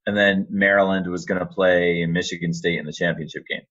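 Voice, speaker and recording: A man in his thirties, a sports announcer and voice actor, telling animated stories in a casual podcast interview. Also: sits low, a little fast, muffled recording. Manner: animated storyteller, acts out quotes.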